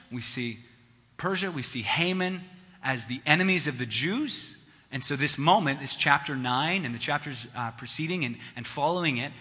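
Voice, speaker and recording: A man's voice: mid-range voice, pushed and bright, husky. A man preaching a sermon in a conversational teaching manner, driving his points home with emphatic repetition. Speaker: pastor. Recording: long hall reverb.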